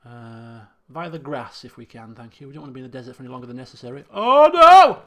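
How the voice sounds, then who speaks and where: A man's voice: medium pitch, fairly even intonation, racing. A man commentating a game he plays, chatty and rambling with self-mocking jokes. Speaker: gaming video host. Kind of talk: let's play commentary.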